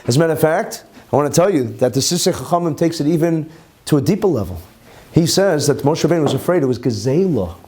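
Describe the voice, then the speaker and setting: Male rabbi teaching a lively class. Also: fairly high pitch, fast. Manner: animated, quotes figures in raised voices. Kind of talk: Torah class with storytelling.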